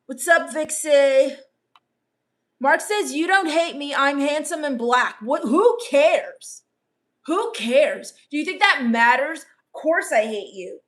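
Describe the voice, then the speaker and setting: High-voiced deadpan gothic valley-girl woman. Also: measured pace. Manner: misanthropic, dismissive. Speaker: comedic livestream host reading chat. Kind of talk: deadpan character comedy livestream.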